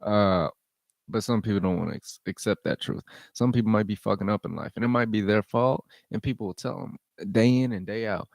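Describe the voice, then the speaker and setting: Low gravelly man ranting. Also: fairly quick, darkish tone, dry recording, clean studio sound. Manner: blunt, profane, repeats points for emphasis. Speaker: vlog host. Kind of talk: casual rant commentary.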